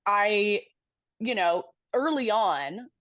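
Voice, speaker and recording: A woman's voice: medium pitch, animated, extremely slow, a bit bright, no room sound. A young woman co-hosting a podcast, talking candidly and reflectively in casual chat, with casual swearing. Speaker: podcast co-host.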